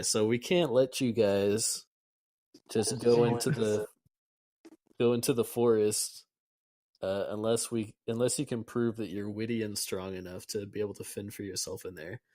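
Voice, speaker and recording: A man's voice: medium pitch, unhurried, close to an everyday voice. A man playing an eager angelic emissary. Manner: excitable, chatty.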